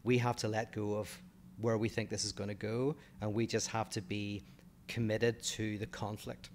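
A man's voice: on the low side, level tone, normal speed, a little hiss or hum. A man from Northern Ireland with a Northern Irish accent, co-hosting a casual podcast and talking through philosophical ideas in a thoughtful way, often restarting mid-phrase.

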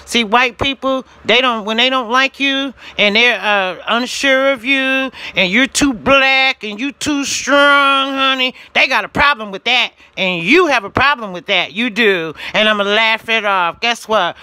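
A woman ranting to camera on her own channel, indignant and emphatic, repeating herself and rising at times to shouts. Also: a little high, a little slow, hardly any pauses, no room sound. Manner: direct address to the platform, repeating phrases. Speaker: channel owner vlogging. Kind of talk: ranting vlog monologue.

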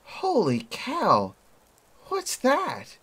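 A man voicing a nervous, eager teenage boy who talks in a shy, excitable way. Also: extremely slow, breathy edge, full character voice. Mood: amazed. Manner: shy, excitable, voice jumping high.

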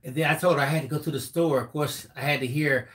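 Animated middle-aged man telling a story. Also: fairly high pitch, quick pace, background noise. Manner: animated storyteller, mimics voices with laughter. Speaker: co-host, reads viewer comments. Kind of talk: casual storytelling.

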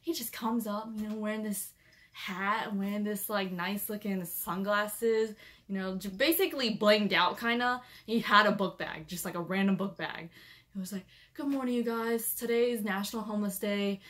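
Young female vlogger, everyday conversational delivery, rambly with fillers, mid-range pitch. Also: normal speed, a bit bright. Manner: chatty, rambling with many "like" and "um" fillers, giving cautionary advice. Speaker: travel vlogger. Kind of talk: casual chat.

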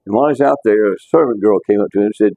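A man's voice: fairly low pitch, very fast, gravelly, warm tone, dry recording. A man teaching a casual Bible class, talking conversationally and repeating words as he restarts his sentences.

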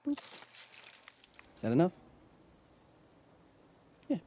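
A man's voice: on the low side, expressive, normal speed, pauses often, a little mellow, slight background noise. A man hosting a live game stream, rambling and joking with his chat as he plays. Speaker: streamer and science host.

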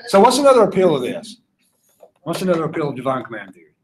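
Southern guy teaching philosophy, pitch bounces all over, slightly high, keeps asking the class stuff. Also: very animated, fast, crowd noise, rough recording. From Georgia, US South. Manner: chatty, asks the class questions, laughs often. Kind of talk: informal classroom lecture.

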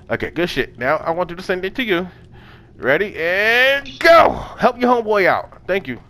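Animated young man doing game commentary. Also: sits high. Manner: animated, talks to game characters in slang, swears often. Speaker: gaming channel host. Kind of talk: casual let's-play commentary.

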